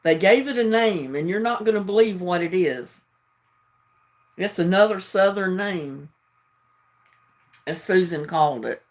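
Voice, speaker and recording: A woman's voice: lowish voice, measured pace, pauses often. A woman hosting a live trivia stream in a casual, chatty way, often breaking into giggles and talking straight to her viewers. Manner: chatty, addressing viewers directly. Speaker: livestream trivia host.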